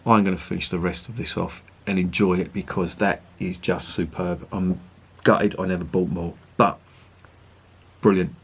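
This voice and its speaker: A man's voice: sits low, fairly even intonation, normal speed, husky. A man reviewing a beer to camera, chatty and enthusiastic, swearing casually.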